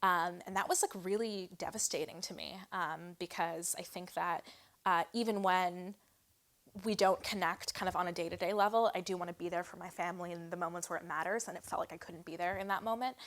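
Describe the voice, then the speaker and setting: A young woman reading her poems aloud, with soft hushed line endings and chatty introductions full of fillers. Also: lowish voice, fairly even intonation, fairly quick. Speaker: poet reading her work. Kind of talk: poetry reading with spoken introductions.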